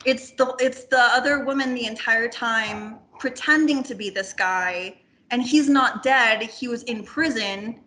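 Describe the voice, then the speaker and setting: There's slight background noise as a woman with a high-leaning voice talks at a measured pace on a film podcast. As a guest, she rambles in an animated, casual way, using "like" constantly and swearing here and there.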